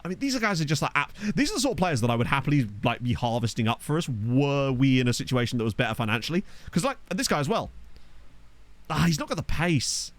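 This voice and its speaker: A man's voice: medium pitch, very animated, quick pace, no echo. A man giving casual let's-play commentary at a desk microphone, chatty, swearing freely and laughing at his own jokes. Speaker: gaming YouTuber. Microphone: desktop USB microphone.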